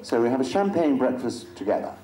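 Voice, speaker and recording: A man's voice: medium pitch, sing-song, fast talker, warm tone. A middle-aged man joking wryly as a convention panel guest before an audience. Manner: wry, dry self-mocking humor. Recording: echoey hall with crowd noise.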